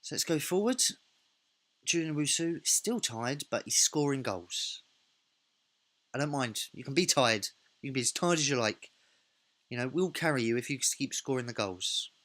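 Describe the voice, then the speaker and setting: A man's voice: mid-range voice, animated, moderate pace, fairly bright tone. A man hosting a let's play, thinking aloud in a casual, self-correcting way while he narrates a football management game.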